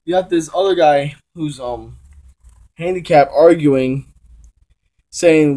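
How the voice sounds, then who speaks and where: A young man chats casually about a comic he is reviewing, filming at home in the middle of a move. His voice sits a bit high but has a mellow, soft edge. He rambles, restarts sentences and corrects himself in easy slang. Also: slow, pauses often. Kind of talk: casual chat. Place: room at home during a move.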